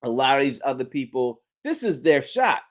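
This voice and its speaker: A man co-hosts a fan podcast in a mid-range, sing-song voice at a moderate pace. He speaks emphatically and casually, often asking "you know what I mean."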